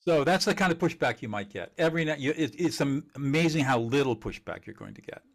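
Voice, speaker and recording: A man teaching communication skills in an interview, emphatic and animated, laughing often and acting out quoted dialogue. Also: medium pitch, fast, creaky. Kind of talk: conversational interview.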